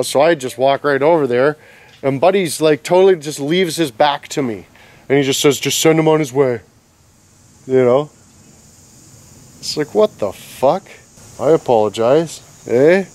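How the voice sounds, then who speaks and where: A man's voice: fairly high pitch, moderate pace, a little mellow. A man, swearing freely and venting in casual chat while working on a trailer renovation. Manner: profane, exasperated storytelling. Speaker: vlogger. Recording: faint background noise.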